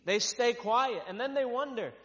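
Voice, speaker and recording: A man's voice: very high voice, moderate pace. A man, a traveling minister, reading scripture aloud and then preaching in a casual, repetitive way. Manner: reads scripture loudly, then explains in casual repetitive talk. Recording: dull sound with long reverb.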